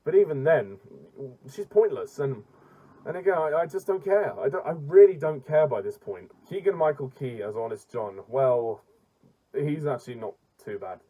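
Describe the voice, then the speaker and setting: A man's voice: on the high side, animated, normal speed, warm tone, rough recording. A man reviewing a film in a casual rant, blunt and exasperated, often stumbling and restarting his sentences.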